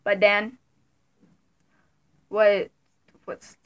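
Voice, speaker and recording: A young woman vlogging casually about her favorite creators, giggly and excitable, with sudden loud bursts. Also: medium pitch, drawn-out words, clean tone. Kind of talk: casual fan commentary.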